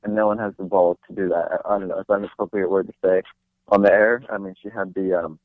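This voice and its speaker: A man's voice: sits low, steady tone, quick pace, no room sound. A young man from New Jersey, a guest actor chatting casually in an interview, rambling with lots of fillers and restarts. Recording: dry tinny phone line.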